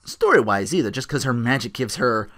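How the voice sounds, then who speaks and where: A man chatting his way through a game commentary in a loose, rambling way, dropping "like" every few words. His voice is bright and sits at a middle pitch, and it moves up and down a lot as he talks. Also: expressive, a little fast. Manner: rambling, full of "like" fillers. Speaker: let's play commentator.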